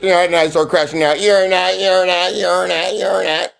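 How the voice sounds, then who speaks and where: A man with a voice a little higher than most argues heatedly on a live stream. He talks in a mocking, confrontational way and hammers the same phrases again and again. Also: flat delivery, moderate pace, vocal fry, few pauses, fairly bright tone.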